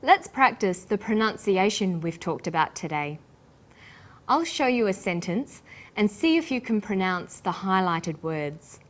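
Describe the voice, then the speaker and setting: An Australian woman hosts an English lesson in a scripted, teacherly delivery. She speaks at a deliberately slow pace, spelling out each sound with careful precision at a middle pitch. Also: big pitch swings, noisy background. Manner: slow, careful, clearly enunciated.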